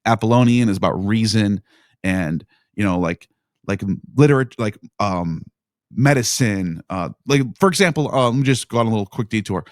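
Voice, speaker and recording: A man with a fairly low voice talks as a podcast guest, working through ideas aloud in long, meandering explanations. The sound is dry and close, with no room around it. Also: animated, moderate pace, dry recording. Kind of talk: casual discussion.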